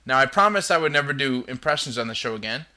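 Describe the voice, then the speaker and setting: Male host, chatty and loose, with a very bright tone. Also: mid-range voice, lively intonation, fast talker. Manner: chatty, rambling storytelling. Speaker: podcast host. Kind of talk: casual chat.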